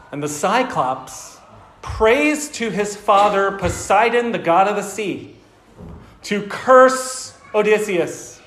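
A man's voice: high-pitched, unhurried, a little hiss or hum. A man preaching a sermon, telling a story casually and talking with the audience. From United States. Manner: casual, lively storyteller who talks to the audience. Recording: echoey hall.

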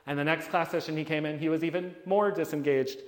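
A man with a voice pitched a bit above most men speaks to a live audience. He tells stories in an animated way and acts out the people in them. His voice carries a long reverb, as in a large hall. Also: fast talker. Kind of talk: storytelling talk to a live audience.

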